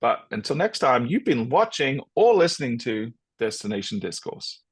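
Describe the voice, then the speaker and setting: A man's voice: mid-range voice, sing-song, normal speed, breathy edge, dry recording. A man co-hosting a podcast, talking casually and upbeat, often repeating words as he restarts. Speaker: podcast co-host.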